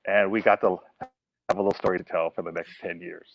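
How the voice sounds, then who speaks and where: Talking casually about antennas, a male guest spins stories and brings phone calls to life with playful voices. He speaks quickly, with a low-sitting voice and vocal fry, and the sound is lo-fi.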